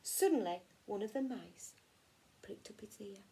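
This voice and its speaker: A woman teacher from England reading a children's picture book aloud in an expressive storytelling way. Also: mid-range voice, unhurried. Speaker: primary school teacher.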